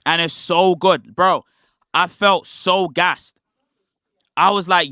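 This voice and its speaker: Bright-voiced young British man on a stream. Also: high-pitched, fairly even intonation, clear, resonant tone, no echo, clean studio sound. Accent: British English. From Britain. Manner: rambling, slangy, quick restarts. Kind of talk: casual livestream storytelling.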